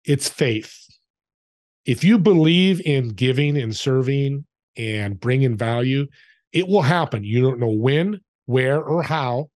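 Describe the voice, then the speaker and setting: A man's voice: mid-range voice, animated, slow, a little mellow, no room sound, clean studio sound. A man guesting on a podcast, telling stories in an upbeat, motivational way. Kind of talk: casual interview chat.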